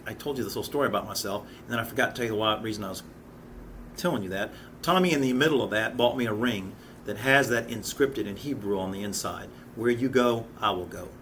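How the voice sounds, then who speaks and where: A middle-aged man leads a Bible lesson in an earnest, conversational voice. His pitch sits in an ordinary middle range, and he often restarts and repeats words as he talks. Faint ambient noise hums behind him. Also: fairly bright tone. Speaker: Sunday school teacher. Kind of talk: Bible study teaching.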